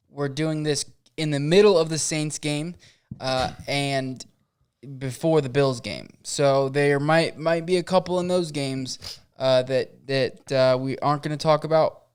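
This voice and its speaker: An upbeat, chatty man co-hosting a laid-back sports podcast. His voice is smooth and clear and sits a bit high for a man, and he talks in an easygoing, friendly way. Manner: upbeat, chatty, laughs easily. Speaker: podcast co-host. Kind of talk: casual sports chat.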